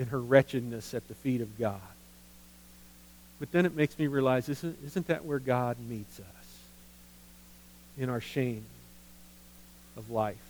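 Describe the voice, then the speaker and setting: Guy preaching a sermon, kinda high voice, earnest, stumbles and repeats words a lot. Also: rough recording. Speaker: pastor of a ministry.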